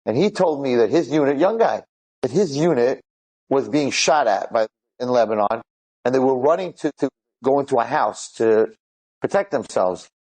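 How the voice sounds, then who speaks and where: At a normal speed and in a mid-range voice, a man animatedly retells dramatic stories to his audience, acting out the dialogue and frequently stepping away for asides. The recording is rough.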